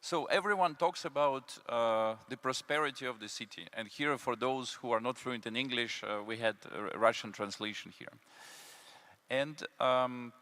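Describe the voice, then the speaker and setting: A man's voice: medium pitch, bright, forceful tone. A man speaking on a conference panel as a city development consultant, emphatic, repeating key words, with many fillers. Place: conference hall.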